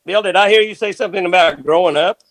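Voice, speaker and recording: An older man, telling a rambling fishing story in a folksy, animated way. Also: high voice, fast, no echo. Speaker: fishing guest.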